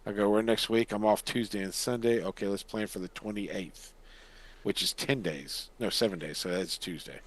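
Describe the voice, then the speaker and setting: A man's voice: on the low side, normal speed. An older man co-hosting a podcast, telling a rambling, jokey story in casual chat. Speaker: podcast co-host.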